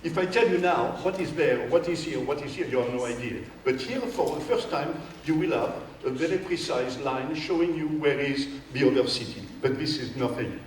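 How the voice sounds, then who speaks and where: Animated man in an echoey hall. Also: a little high, normal speed, few pauses. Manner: animated, playful, acts out scenes with quoted voices. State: tired from jet lag. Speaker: artist explaining his work. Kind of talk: informal gallery talk. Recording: echoey hall, mic at a distance, faint room noise.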